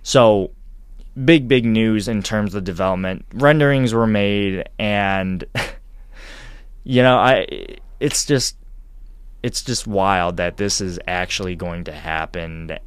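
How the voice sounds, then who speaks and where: A man's voice: low voice, clean tone, no echo. A man co-hosting a casual sports podcast, talking in a rambling way with lots of restarts and laughs. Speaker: podcast co-host.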